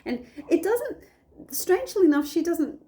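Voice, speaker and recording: A woman's voice: extremely high pitch, big pitch swings, moderate pace, mellow. A woman chatting casually at home about a Bible story, rambling and restarting her sentences often. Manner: rambling, self-interrupting, many restarts. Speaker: faith vlogger.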